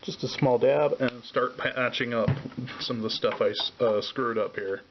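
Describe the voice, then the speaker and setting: A man hosting a casual miniature painting tutorial, talking in a relaxed way while he works and sometimes trailing off mid-thought. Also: medium pitch, normal speed. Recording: dull lo-fi sound with faint hiss.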